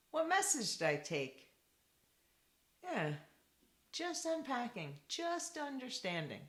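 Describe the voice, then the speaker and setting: Woman, therapist, teaching talk, lively pitch, frequent "right?", roomy echo. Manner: lively, repetitive, asks rhetorical "right?". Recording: echoey room.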